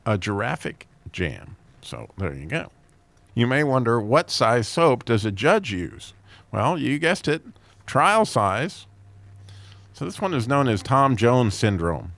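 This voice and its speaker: A man's voice: mid-range voice, sing-song, slow pace, a bit bright, no echo. A man reading jokes and funny stories as host, chuckling at his own punchlines and raising his voice for quoted characters.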